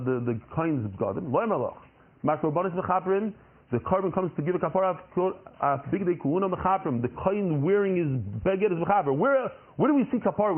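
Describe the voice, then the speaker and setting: A man giving a Talmud lesson, explaining by asking questions and answering them himself. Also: on the high side. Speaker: Talmud teacher. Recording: tinny phone-like recording.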